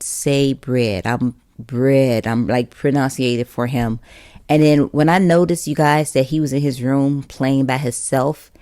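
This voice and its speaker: A woman's voice: very deep voice, mellow, dry recording, studio quality. A young woman hosting a casual podcast, talking straight to her listeners, chatty and direct. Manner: chatty and direct, addresses listeners as you guys. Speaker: podcast host.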